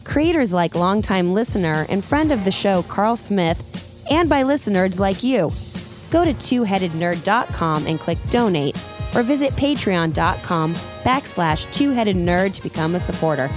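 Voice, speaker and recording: A woman's voice: mid-range voice, animated, moderate pace, music in the background. A woman reading the sponsor and donation message at the start of a podcast. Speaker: sponsor announcer. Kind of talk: scripted sponsor read.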